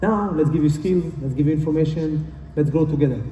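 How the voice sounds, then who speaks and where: A fairly high, warm male voice, a little fast, delivers a motivational speech in a conference hall. He is heard from far away in the spacious room, with slight background noise. His tone is earnest, and his repetitive wording sounds non-native.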